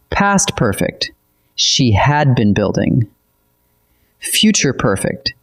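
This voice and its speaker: A man delivering a scripted grammar lesson at a slow, unhurried pace. His pitch sits in the middle range, and he explains each point patiently and steadily, in the manner of a classroom teacher.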